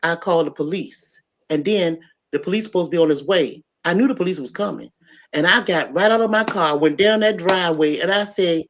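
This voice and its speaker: A middle-aged woman hosting a podcast, telling a story in an animated, emphatic way and talking straight to her listeners. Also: lowish voice, fairly quick. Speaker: podcast host. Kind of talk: casual storytelling chat. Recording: dull lo-fi sound.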